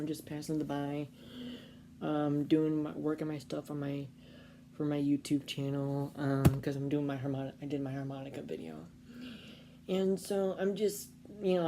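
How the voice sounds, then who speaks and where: A woman's voice: sits low, dark tone, slight background noise. A woman vlogger telling a casual storytime, rambling with fillers and restarts.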